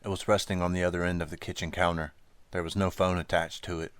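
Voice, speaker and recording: A man narrating a teen thriller audiobook in a steady, measured way. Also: deep voice, clean tone, dry recording. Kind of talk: scripted narration.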